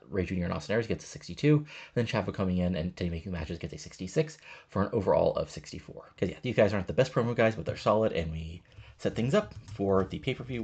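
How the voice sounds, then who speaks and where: A man casually narrating a wrestling management game and reading the wrestlers' promos aloud in a flat murmur. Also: deep voice, gravelly, husky. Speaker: game commentator.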